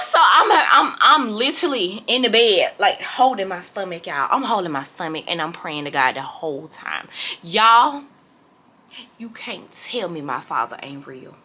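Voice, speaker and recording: A woman's voice: a little high, bright, forceful tone. A woman telling a storytime vlog in casual, dramatic chat, calling her viewers y'all. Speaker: vlogger.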